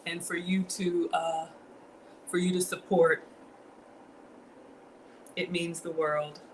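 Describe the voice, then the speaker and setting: Lowish-voiced woman with a Southern lilt. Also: level tone, slow, slight background noise, rough recording. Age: middle-aged. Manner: chatty, greets viewers by name, reads out comments. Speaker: home cook streaming live. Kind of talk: casual livestream cooking chat. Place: home kitchen.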